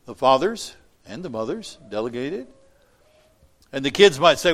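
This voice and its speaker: A man's voice: medium pitch, sing-song, moderate pace, a bit bright. A man preaching a sermon, reading scripture aloud and explaining it with wry asides to the congregation.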